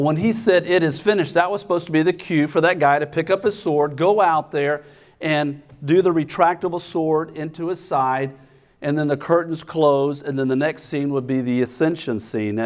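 A man preaching a sermon, telling a comic story with lively, animated delivery and sudden shouted outbursts. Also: a little high. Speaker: pastor.

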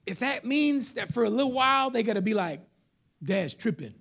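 Fiery, high-pitched preacher with a gravelly edge. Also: male voice, fast. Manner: animated preaching, rising to loud calls then dropping to near whispers; casual street slang. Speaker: pastor. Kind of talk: sermon.

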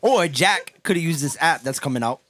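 Animated, joking man in casual chat. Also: a little high, brisk, slight background noise. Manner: laughing, rambling, animated storytelling.

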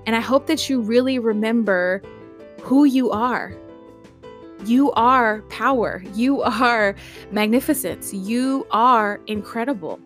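A woman with a slightly high voice delivers a motivational podcast monologue as its host. She talks emphatically, stacks up repeated words and laughs between her lines. Faint music plays underneath. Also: takes it slowly.

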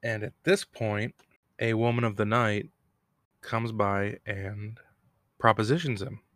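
This podcaster's voice is on the low side, fairly bright and steady, and he speaks slowly while recapping a TV episode on his own. His casual, joke-filled recap wanders, and he laughs at his own self-deprecating humor. The studio-quality recording has no room sound, though a cat bell can be heard nearby in his home recording room.

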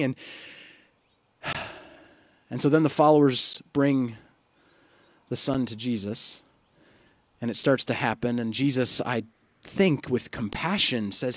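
A man preaching a sermon at a middle pitch, earnest and reflective. He often lets his phrases drop softly. The recording sounds dry and close. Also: no room sound. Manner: earnest, reflective, with soft dropping pauses. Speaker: pastor.

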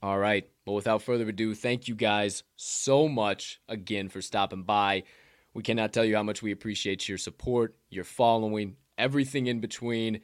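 A man's voice: lowish voice, steady tone, normal speed, clean tone, dry recording, clean studio sound. A man with a Southern accent co-hosting a casual sports betting podcast, loose and profane, with hyped sign-offs. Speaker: podcast co-host.

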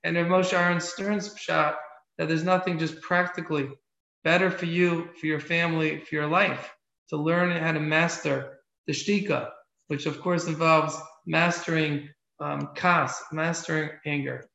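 A man's voice: on the high side, flat delivery, unhurried, gravelly, pushed and bright. A man teaching an evening Torah class, earnest and often repeating his phrases for emphasis. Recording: echoey room, dull lo-fi sound.

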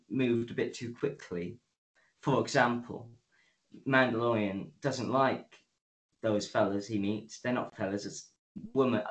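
A male podcast co-host with a medium-pitched voice chats casually about an episode, animatedly acting out lines and swearing a lot. The audio is poor.

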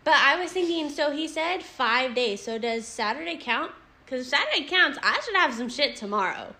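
A young woman co-hosting a podcast in casual chat, loud and quick to laugh, swearing freely. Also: sits high, animated. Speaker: podcast co-host.

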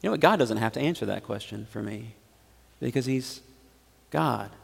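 A male pastor with a gravelly, creaky edge to his voice delivers a sermon, rising to loud emphatic peaks and dropping to hushed, low asides. His words ring out with a long reverb, as if spoken in a large church sanctuary. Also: animated, moderate pace. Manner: preaching with big swings between loud emphasis and quiet asides.

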